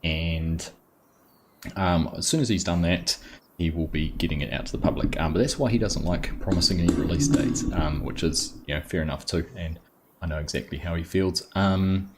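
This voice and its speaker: Low-voiced Australian man chatting on a stream. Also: moderate pace, a little hiss or hum. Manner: chatty, greets viewers by name, relaxed with fillers. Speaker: livestream host. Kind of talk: casual live gaming stream chat.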